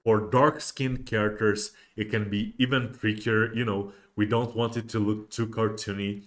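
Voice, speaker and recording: A man's voice: lowish voice, flat delivery, normal speed, a bit bright. A man hosting a casual livestream, rambling with many restarts and fillers. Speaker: host of a miniatures livestream.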